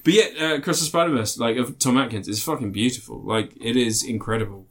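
A man co-hosting a podcast, telling stories excitedly, swearing often and laughing through them. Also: medium pitch, fast. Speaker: podcast co-host. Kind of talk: casual chat.

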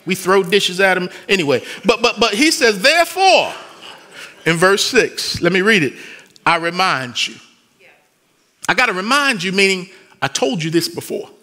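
A man preaching a sermon as pastor, moving between conversational asides and loud rising bursts. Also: high-pitched, lively intonation, moderate pace.

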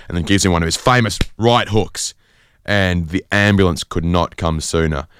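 Deep-voiced male radio host. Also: normal speed, smooth. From Sydney, Australia. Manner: rambling, deadpan, full of fillers. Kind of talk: comedic casual radio chat.

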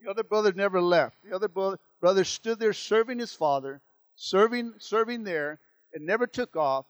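High-voiced preaching pastor, dry and close. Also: male voice, moderate pace, no echo. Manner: preaching with call-outs and repetition. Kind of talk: sermon.

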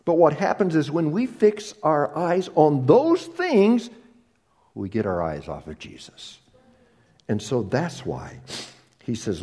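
Animated preaching man, lively pitch. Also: unhurried. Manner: animated preaching, swinging between hushed and loud, mocking prayers. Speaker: pastor. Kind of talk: sermon.

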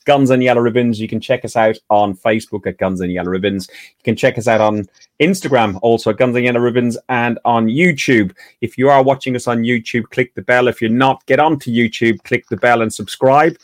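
A man's voice: medium pitch, fairly quick, no echo, studio quality. A man hosting a fan podcast, with a chatty manner full of stammered restarts. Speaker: podcast host. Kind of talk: casual podcast chat.

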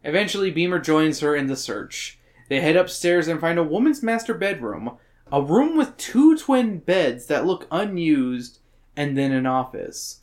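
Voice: medium pitch, expressive, measured pace. A podcast host reading chapter summaries aloud in a casual book club chat, with crude and irreverent joking.

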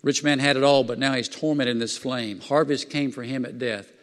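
A man preaching a sermon in a fervent, folksy way, swinging between loud excitement and quiet asides. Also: mid-range voice, brisk. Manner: folksy plain-spoken preaching. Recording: long hall reverb.

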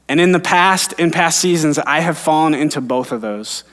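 A man's voice: on the high side, measured pace, fairly bright tone. Earnest preacher man in a reverberant hall. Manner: earnest, personal storytelling. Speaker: pastor. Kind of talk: sermon.

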